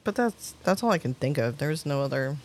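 A woman's voice: deep voice, expressive, fairly quick, darkish tone, a little hiss or hum. A woman in casual podcast chat, telling stories in a chatty way and laughing often. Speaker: podcast co-host.

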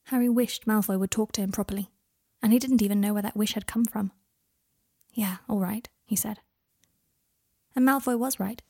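A woman narrating a fan fiction story aloud in a plain, steady storytelling manner. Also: medium pitch, brisk.

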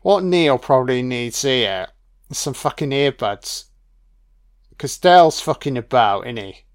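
A man's voice: mid-range voice, lively intonation, measured pace, clear, resonant tone. A man giving a casual, profane audio commentary on a film, chatting loosely and laughing often.

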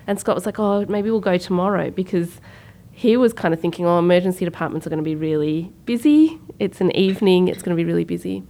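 Woman, thirties, podcast co-host; low, slightly fried voice, chatty storyteller who acts out quotes. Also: quick pace, hardly any pauses, darkish tone. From Sri Lanka. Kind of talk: casual conversational storytelling.

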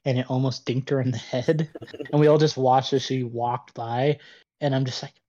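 A young man co-hosting a podcast, telling a bar story in lively casual talk full of swearing. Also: medium pitch, normal speed, dull audio. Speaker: podcast co-host. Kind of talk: casual chat.

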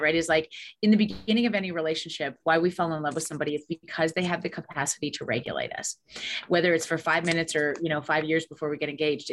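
A woman in her forties, a psychologist and author, telling lively stories as a podcast guest, swearing and acting out voices. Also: sits low. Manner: animated storyteller, swears, acts out voices loudly. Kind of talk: casual podcast chat.

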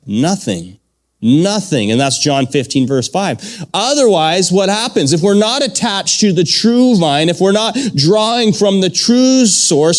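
Preaching man with a lively high voice. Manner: fervent preaching with repetition and call-and-response. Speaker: pastor. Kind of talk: sermon.

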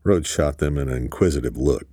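A man narrating a thriller audiobook in a steady storytelling manner. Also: very deep voice, moderate pace, no echo, studio quality.

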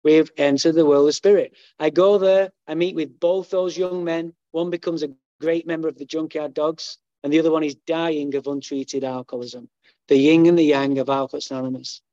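A man's voice: a little high, brisk, no room sound. A middle-aged man giving a humorous, profane recovery talk as main speaker at a meeting. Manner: profane, humorous, lively storyteller. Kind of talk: storytelling recovery share. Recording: dull lo-fi dry sound.

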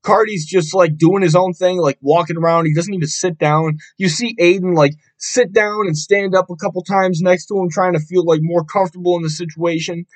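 A young man hosting a casual solo podcast, ranting with a lot of profanity and an exasperated tone, and jumping up into shouts. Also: sits high, steady tone, a little fast, hardly any pauses, rough recording. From Buffalo, New York area. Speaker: podcast host.

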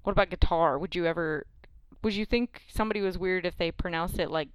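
A woman's voice: fairly low pitch, fast, smooth. A woman co-hosting a podcast, chatting casually and teasing her co-host, with sudden exclamations of disbelief. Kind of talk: casual chat.

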